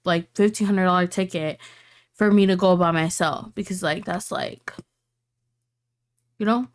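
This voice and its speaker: A young woman co-hosting a podcast, telling stories in an animated, gossipy way with plenty of swearing. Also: lowish voice, unhurried. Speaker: podcast co-host. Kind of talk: casual chat.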